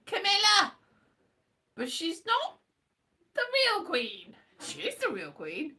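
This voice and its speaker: A woman's voice: very high-pitched, huge pitch swings, slow, pauses often, sharp tone. A woman vlogging in a rambling casual monologue, playful and silly, slipping into sing-song asides.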